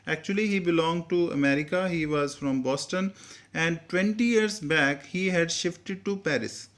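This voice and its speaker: A man with an Indian English accent teaching, reading a textbook story aloud and re-explaining each line in simple words, with Hindi asides. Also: fairly high pitch.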